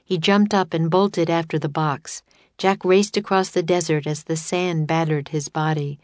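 A woman narrating a children's chapter book in a steady, expressive reading. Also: sits low, moderate pace, no echo. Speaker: audiobook narrator. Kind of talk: scripted storybook narration.

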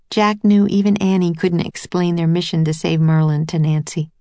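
A woman narrating a children's storybook aloud in a clear, even telling. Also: lowish voice, normal speed, no room sound.

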